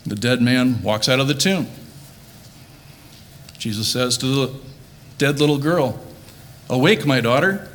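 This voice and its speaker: A pastor giving a sermon, earnest, stressing quoted lines and restarting phrases, then leading a quiet prayer. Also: male voice, mid-range voice, measured pace, pauses often.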